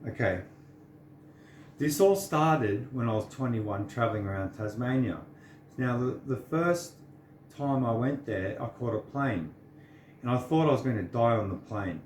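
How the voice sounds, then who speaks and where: A man's voice: mid-range voice, expressive, unhurried, a little mellow, reverberant, a little hiss or hum. An earnest, sincere man, giving a preachy personal monologue to the camera. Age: 30s. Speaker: vlogger.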